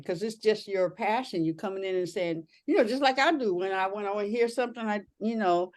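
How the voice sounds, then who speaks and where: A woman's voice: medium pitch, brisk, few pauses. A woman co-hosting a casual group chat, giving reassuring feedback in a rambling way with lots of fillers. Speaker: co-host.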